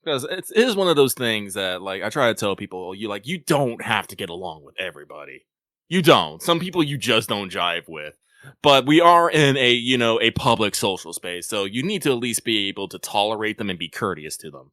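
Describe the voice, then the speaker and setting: A man co-hosting a podcast, chatting casually in an animated, joking way. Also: fairly low pitch, no echo, clean studio sound. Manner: animated, joking, quick to laugh. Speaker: podcast co-host. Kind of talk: casual chat.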